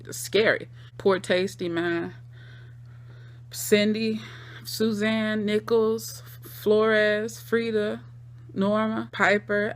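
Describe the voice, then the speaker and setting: A woman casually recapping and reacting to a TV episode, in a slangy, conversational way, with emphatic repeated phrases. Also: medium pitch. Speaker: TV episode reviewer.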